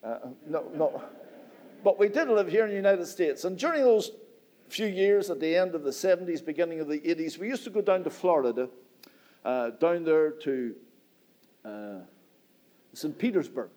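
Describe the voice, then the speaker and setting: A middle-aged man with a Northern Irish accent preaches an evening church sermon in a notably high voice. His delivery swells and drops in a steady preaching cadence, and he keeps turning to the congregation as "my friend". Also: moderate pace, pauses often. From Northern Ireland. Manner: rising and falling preaching cadence, repeats "my friend". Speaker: visiting preacher.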